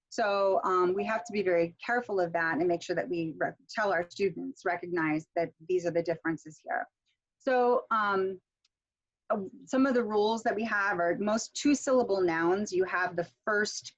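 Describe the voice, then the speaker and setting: Chatty woman teaching on a muffled call. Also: lowish voice. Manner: chatty, explains with many fillers and restarts. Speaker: pronunciation instructor. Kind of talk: online workshop teaching. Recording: muffled lo-fi video call audio.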